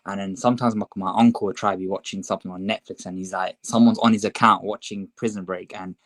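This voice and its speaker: Young man, low voice, dry close sound, casual podcast chat. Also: quick pace, no room sound, low-quality recording. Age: young adult. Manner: relaxed, chatty, many fillers. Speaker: podcast co-host.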